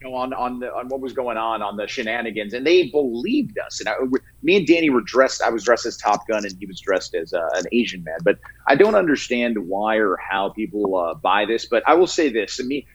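A man chatting casually as an interview guest, talking in a halting way with many restarts and easy laughter. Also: fairly low pitch, lively intonation, husky, highs cut off. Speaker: guest, prank video creator.

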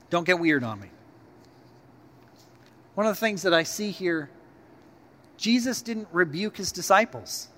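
A man preaching a sermon as pastor, talking in a conversational, animated way and telling stories to his church. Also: high-pitched, in a large hall.

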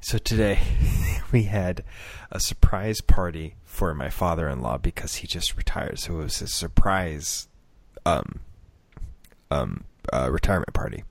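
A man with a low voice tells a meandering anecdote on a casual podcast, breaking into laughter and putting on quick voices for the people in it. The sound is dry and close, with no room around him. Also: lively intonation, dry recording. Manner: rambling, laughs often, acts out quoted voices. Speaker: podcast co-host. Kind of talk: casual storytelling chat.

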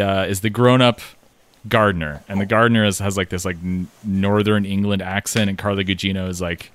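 A man chatting casually as a co-host, rambling with fillers, swearing and laughing as he critiques. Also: lowish voice. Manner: rambling, profane, animated with laughs.

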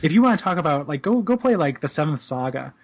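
A man's voice: a little high, very animated, fast. A man co-hosting a casual podcast, enthusiastic and stumbling over repeated words. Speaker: podcast co-host.

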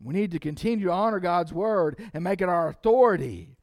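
Male pastor preaching, high voice, emphatic, repeats key lines, dry close sound. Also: lively intonation, fairly quick, darkish tone, no echo. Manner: emphatic, repeats key lines and leads the congregation in saying them. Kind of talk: sermon.

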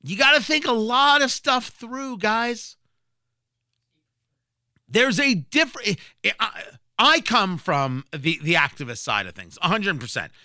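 A man's voice: high-pitched, sing-song, a little slow, bright, forceful tone, dry recording. Male talk-radio host, combative and emphatic, piercing tone, dead-dry studio sound. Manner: combative, emphatic, sarcastic asides. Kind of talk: opinionated political commentary.

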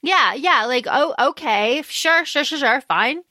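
A woman co-hosting a podcast, chatting casually as she recaps a novel and quotes its characters in lively voices. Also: high-pitched, measured pace, no echo, studio quality. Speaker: podcast co-host. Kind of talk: casual book discussion.

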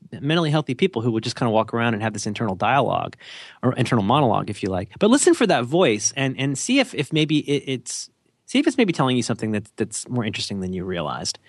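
A man co-hosts a podcast in a mid-range voice, recorded cleanly in a studio with no echo. He's animated and jokey, rambling casually and often cutting himself off mid-thought.

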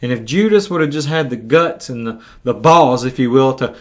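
A man's voice: medium pitch, lively intonation, moderate pace. A male preacher retelling scripture in a sermon, speaking conversationally and often repeating words as he goes.

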